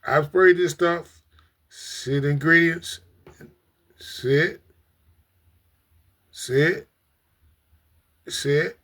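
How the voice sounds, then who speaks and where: A man's voice: a little high, extremely slow, long pauses. Earnest, emotional man talking to viewers. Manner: earnest, emotional, repeats himself; talks straight to viewers as "ladies and gentlemen". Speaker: livestream host. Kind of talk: casual livestream talk to viewers.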